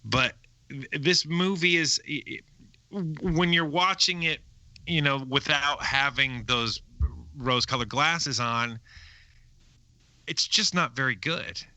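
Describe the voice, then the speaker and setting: A man's voice: mid-range voice, slow pace, dry recording. A man co-hosting a movie podcast, giving his opinion in a rambling, casual way with frequent restarts. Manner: rambling, restarts, lively emphasis. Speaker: podcast co-host. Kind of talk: casual movie review chat.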